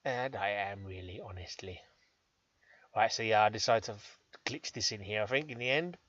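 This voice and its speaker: A man's voice: on the low side, moderate pace, a bit bright, no echo, highs cut off. An English man rambling cheekily through gameplay commentary, joking at his own expense. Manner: cheeky, self-deprecating, chatty. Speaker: gaming channel host.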